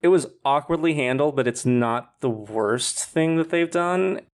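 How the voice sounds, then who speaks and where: A man's voice: a little high, a little slow. A man co-hosting a podcast in casual chat, rambling and snarky with lots of filler words. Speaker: podcast co-host.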